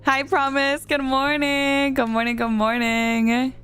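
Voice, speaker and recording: A young woman talks slowly and a touch high as she streams, teasing her chat in a playful, laughing way. Soft music runs quietly under her voice. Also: little pitch movement, clean tone. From Spanish-speaking background. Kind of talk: casual live-stream chat. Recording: soft music playing behind.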